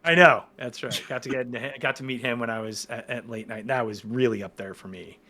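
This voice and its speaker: A man in his forties, a podcast guest, telling stories in casual chat in an excited, rambling way with many restarts. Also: medium pitch, fairly quick.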